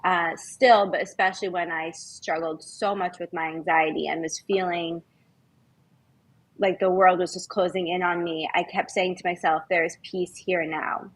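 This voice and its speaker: A woman guest on a podcast, speaking in an earnest, heartfelt, measured way in casual conversation. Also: on the low side, level tone, poor audio.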